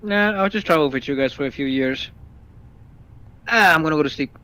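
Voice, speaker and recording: A man playing a blunt, cheeky fourteen-year-old girl in a tabletop game, speaking deadpan. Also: on the high side, fairly quick, smooth. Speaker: player.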